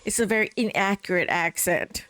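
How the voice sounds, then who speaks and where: A woman's voice: medium pitch, moderate pace, a bit bright. A young woman streaming a game, making chatty, blunt, sarcastic asides. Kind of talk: casual gameplay commentary.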